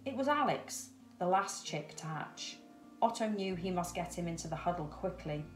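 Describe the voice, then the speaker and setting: A woman reading a children's story aloud in a measured, expressive way. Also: lowish voice, soft background music. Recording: echoey room.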